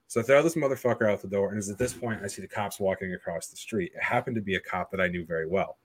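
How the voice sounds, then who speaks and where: A man's voice: low voice, fast. Profane, blunt male podcast storyteller. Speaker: podcast host. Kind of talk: casual storytelling chat.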